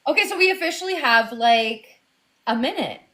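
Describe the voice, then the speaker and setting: A woman's voice: fairly high pitch, lively intonation, moderate pace, sharp tone. A nervous woman guest chatting on a live stream, giddy and exclamatory and repeating herself. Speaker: guest performer.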